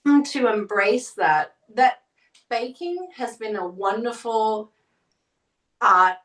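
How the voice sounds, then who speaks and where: A woman's voice: fairly high pitch, expressive, slow, a bit bright. A middle-aged woman telling stories as an interview guest, chatting casually and acting out quotes. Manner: chatty storytelling, acts out quotes. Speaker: guest, painter. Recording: roomy, from a distance.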